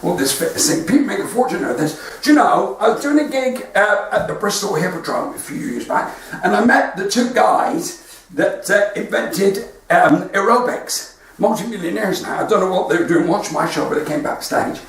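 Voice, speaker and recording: A man's voice: high voice, animated, normal speed. A man with a West Country accent doing chatty stand-up storytelling from his front room. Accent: West Country English. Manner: chatty storytelling with quoted dialogue. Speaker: stand-up comedian. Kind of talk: stand-up comedy livestream. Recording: very echoey room, distant mic, faint noise.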